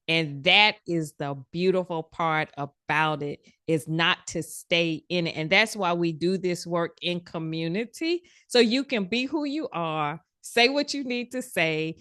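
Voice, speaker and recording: A woman's voice: mid-range voice, fairly bright tone, no room sound, clean studio sound. A woman coaching a community group online, talking in an emphatic, affirming way. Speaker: coach leading a community session. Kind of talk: supportive group coaching talk.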